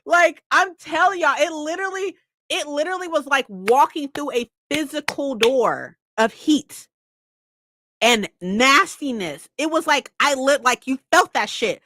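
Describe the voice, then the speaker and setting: A woman's voice: high-pitched, animated, unhurried, bright, forceful tone, no echo. A young woman from California chatting casually with viewers, swearing freely and laughing often. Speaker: streamer. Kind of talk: casual chat.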